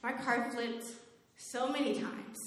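A young woman giving a faith talk, telling personal stories in a lively way, laughing often and saying "like" a lot. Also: on the high side, slow pace. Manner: animated storytelling, laughs often, says "like" a lot. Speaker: youth speaker. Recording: very echoey room.

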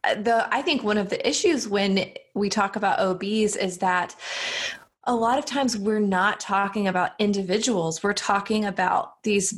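Woman hosting a relaxed podcast chat. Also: mid-range voice, moderate pace. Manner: supportive listener who laughs along and responds briefly. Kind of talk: casual podcast conversation.

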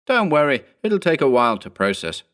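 A man doing a calm, unruffled clone. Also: mid-range voice, moderate pace, pitched above the performer's own voice. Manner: calm, reassuring. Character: calm, cool-headed male clone.

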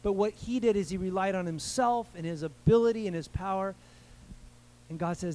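Male American pastor, light high voice, casual preaching style with audience call-and-response. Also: a little fast, darkish tone, poor audio. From United States. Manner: conversational preaching, asks the crowd for amens. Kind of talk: sermon.

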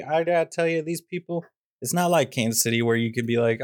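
A man's voice: fairly high pitch, quick pace, a little mellow, dry recording. Rambling jokey man in a dry room. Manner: rambling, jokey, drifts into mock rants. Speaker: podcast co-host reviewing a movie. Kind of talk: casual comedic review chat.

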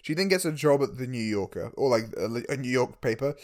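A man's voice: medium pitch, expressive, fairly quick. Wry, teasing man co-hosting a film chat. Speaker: podcast co-host. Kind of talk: casual film review chat.

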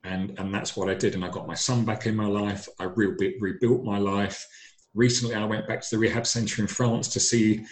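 An earnest middle-aged man tells his story as a guest, pressing his points and repeating himself. His voice sits fairly low and rings around an echoey room. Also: flat delivery, brisk. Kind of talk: personal storytelling.

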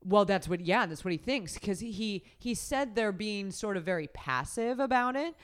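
A woman hosting a podcast, telling a story in casual chat, full of fillers and quick laughs. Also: medium pitch, animated. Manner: rambling, filler-heavy, laughs often. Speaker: podcast host. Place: podcast recording setup.

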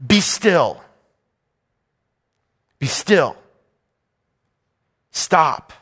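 High-voiced emphatic male preacher. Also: big pitch swings, very slow, a bit bright, husky. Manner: emphatic, repetitive preaching with rising and falling intensity. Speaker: pastor. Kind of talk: sermon. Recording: long hall reverb.

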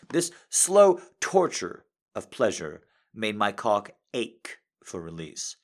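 A man reading a romance story aloud in a soft, intimate way, hesitant and full of fillers when he speaks off script. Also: deep voice. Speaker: reader of fiction.

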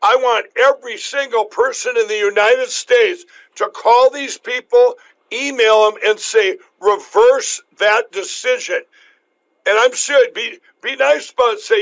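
A man hosting a talk show, talking in a rambling, emphatic way with many restarts, his voice going hoarse. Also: very high voice, unhurried, a bit bright, rough recording. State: losing his voice. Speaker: show host. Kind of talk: casual talk show chat.

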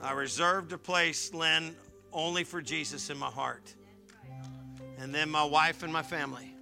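A male pastor preaching to his congregation, his voice pitched high and ringing with a bright, sharp edge. He climbs into fervent shouts and drops to quiet asides, with faint music under him. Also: steady tone, unhurried, vocal fry. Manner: fervent, rising to shouts and dropping to hushed asides. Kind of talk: sermon.

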